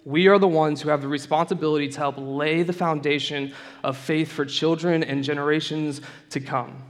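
A man's voice: a little high, steady tone, normal speed. A man delivering a sermon with a slightly raised voice. He talks in a conversational, storytelling way and drops in casual asides. His voice rings through a hall with a long reverb. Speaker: preacher.

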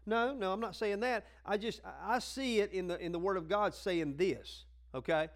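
A man with a high voice preaches to his congregation in a folksy, conversational way. He acts out the people in his stories and climbs into fervent, rousing exhortation. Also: moderate pace, hardly any pauses. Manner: acts out quoted voices in dialogue. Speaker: pastor. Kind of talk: sermon.

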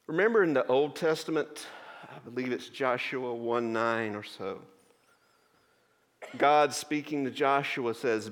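Man preaching in an echoing church. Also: medium pitch. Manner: earnest, explaining scripture with many pauses. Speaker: pastor. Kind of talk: sermon. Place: church sanctuary. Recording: long church reverb.

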